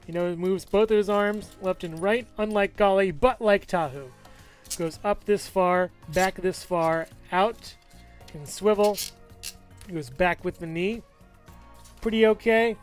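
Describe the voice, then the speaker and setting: High-voiced man chatting through a toy review. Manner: chatty, upbeat, handling and pointing at parts. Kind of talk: casual product review.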